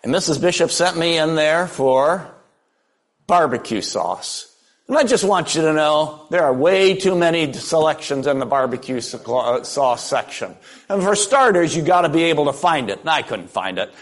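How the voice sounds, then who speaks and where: A man's voice: on the high side, animated, normal speed. An older man preaching a sermon, telling folksy stories with dry humor. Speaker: pastor.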